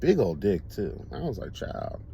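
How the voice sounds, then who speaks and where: A man chats casually to his audience in a lively, swooping voice that climbs and drops a lot. His delivery is camp and animated, and he breaks into laughter often as he tells his stories. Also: fairly high pitch, unhurried, muffled recording, a little hiss or hum. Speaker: host. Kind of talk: casual storytelling chat.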